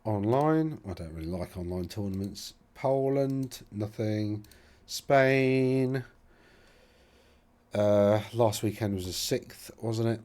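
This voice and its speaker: A man's voice: fairly low pitch, slow, a little mellow. A man hosting a casual commentary, rambling and thinking aloud with self-deprecating asides as he browses results. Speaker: host.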